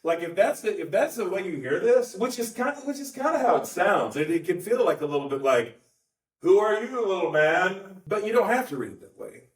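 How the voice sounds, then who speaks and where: A man's voice: high voice, big pitch swings, brisk, few pauses. A man preaching a conversational sermon, rambling with asides and self-corrections. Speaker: pastor. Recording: roomy, distant mic.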